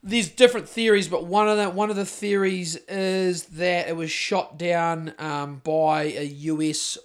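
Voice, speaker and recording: Casual podcast host, New Zealand man, high voice, rambly and sweary. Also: steady tone, a little slow, clear, resonant tone. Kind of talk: casual chat.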